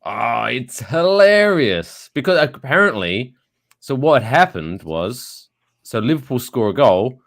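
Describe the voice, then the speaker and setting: A man co-hosting a casual sports podcast, telling stories in an animated way with heavy swearing. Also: mid-range voice, a little slow. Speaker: podcast co-host.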